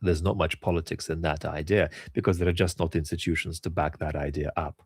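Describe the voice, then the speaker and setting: A middle-aged man hosting a question-and-answer talk, answering in a measured, emphatic way and often restarting his sentences. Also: extremely low pitch, steady tone, breathy edge, dry recording. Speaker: host answering viewer questions. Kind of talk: solo Q&A talk.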